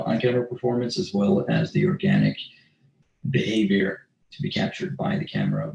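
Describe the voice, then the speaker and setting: A man, an acting teacher, narrating a promotional video and explaining his class in a measured tone. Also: fairly low pitch, creaky, a little mellow, echoey room, lo-fi sound. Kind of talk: promotional voice-over.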